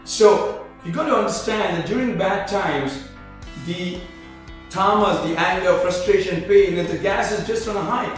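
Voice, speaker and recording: A man hosting a spiritual teaching talk, full of "you know" fillers and repeated phrases, growing more animated as he goes. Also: sits high, unhurried. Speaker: spiritual teacher, show host. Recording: very echoey, distant mic, faint music.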